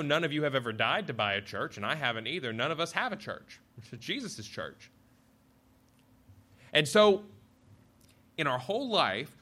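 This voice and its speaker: A man preaching a sermon as a pastor, lively and animated, acting out sarcastic quotes and reading scripture aloud. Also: fairly high pitch.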